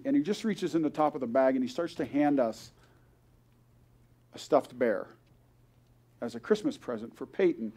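Older guy, grandpa, telling his story in church, earnest, acts out the voices, middle pitch. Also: dark tone. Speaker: guest speaker. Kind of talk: testimony story at a church service. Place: church service.

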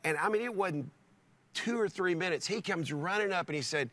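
A middle-aged male pastor telling a story in conversation, animated and given to repeating himself and restarting sentences. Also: on the high side, moderate pace, dry recording.

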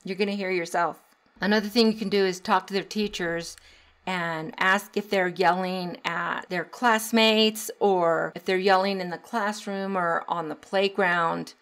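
A middle-aged woman, a teacher, hosting a casual solo podcast, chatty and laughing often, turning animated when she acts out a scene. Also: lowish voice, a little slow.

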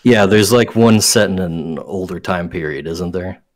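A man speaking as a guest game designer in a casual interview, relaxed and offhand. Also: low-pitched, measured pace.

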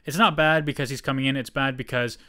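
A man's voice: medium pitch, steady tone, fast, bright, forceful tone. Male co-host, casual chat, heated and profane. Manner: swears often, ranting. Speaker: podcast co-host.

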